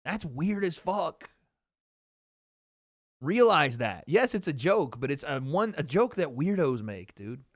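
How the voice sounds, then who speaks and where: A man's voice: on the high side, takes it slowly, dry recording, studio quality. Chatty, swearing young male livestream host. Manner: chatty, excitable, swears freely. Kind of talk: casual live fight-watching commentary.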